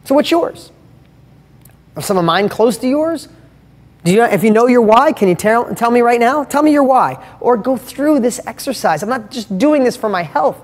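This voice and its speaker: A man's voice: very high-pitched, expressive, moderate pace, in a large hall. A middle-aged man hosting a motivational live stream, talking in an emphatic, heartfelt way and pressing listeners with rhetorical questions. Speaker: host.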